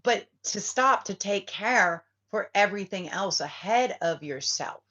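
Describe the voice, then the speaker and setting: A woman's voice: medium pitch, expressive, unhurried, bright, forceful tone, highs cut off. A woman, a spiritual reader, talking in a casual, rambling and emphatic way and swearing freely. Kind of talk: casual rambling vlog talk.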